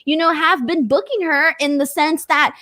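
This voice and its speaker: High-voiced American woman hosting a stream. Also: dry recording, clean studio sound. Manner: lively, expressive, quick laughs. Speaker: host. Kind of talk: casual livestream chat.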